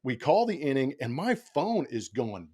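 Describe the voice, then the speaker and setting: Male baseball broadcaster as podcast guest, mid-pitched, animated yarn-spinner who acts out what people said. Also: moderate pace, slightly rough. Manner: animated storyteller, acts out quotes, laughs often. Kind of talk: casual interview storytelling.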